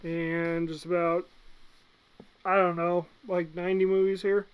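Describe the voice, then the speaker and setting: A young man from the United States ranking movies in a casual vlog, blunt and excitable, swinging from loud bursts to muttered asides. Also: high voice, measured pace, smooth, low-quality recording. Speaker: movie reviewer.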